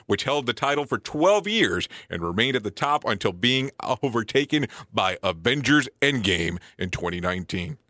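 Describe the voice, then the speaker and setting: A man around forty hosting a casual show, reading lists quickly and breaking in with surprised, joking asides. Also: medium pitch, sharp tone, no room sound, clean studio sound. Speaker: show host.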